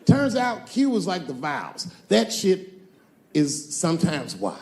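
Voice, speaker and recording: Male stand-up comedian, brash and loud-to-soft, noisy live stage recording. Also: high voice, wildly swooping pitch, unhurried. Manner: swaggering, swings loud and soft for punchlines.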